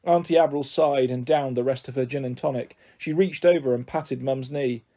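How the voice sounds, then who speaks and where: A man reading a children's novel aloud as the narrator, in a gentle, even storytelling manner. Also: medium pitch, brisk. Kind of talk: audiobook narration.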